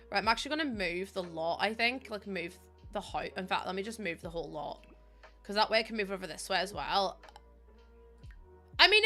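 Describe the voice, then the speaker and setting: Building in a game on her live stream, this Northern Irish streamer keeps up casual, bright chatter at a medium pitch. She's self-mocking, laughs a lot, and reads out messages from chat.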